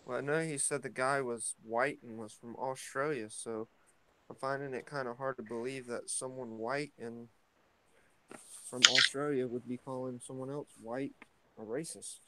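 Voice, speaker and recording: On a rough recording, a man with a medium-pitched voice chats at normal speed while stepping out into his yard at home. He's hosting a morning vlog chat, easygoing and rambling, with lots of fillers and false starts.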